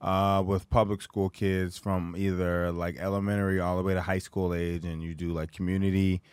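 A man's voice: deep voice, little pitch movement, moderate pace, a little mellow, clear, resonant tone, dry recording. Man rambling through a casual chat. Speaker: comedian.

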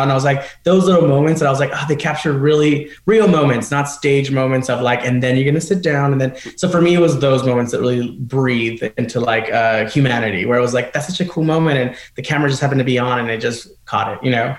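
Fast-talking animated man in an echoey room. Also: mid-range voice. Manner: animated, chatty, laughing often. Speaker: guest. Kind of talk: casual chat.

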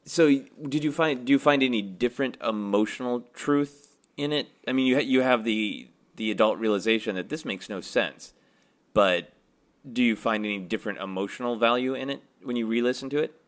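A man's voice: mid-range voice, brisk. A man hosting a podcast, asking questions with a wry, joking manner. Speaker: podcast host. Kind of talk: casual interview chat.

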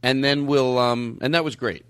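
A man's voice: mid-range voice, steady tone, moderate pace, a bit bright, clean tone, dry recording. A man hosting a podcast, effusive and rambling, with many restarts. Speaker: podcast host. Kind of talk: casual podcast chat.

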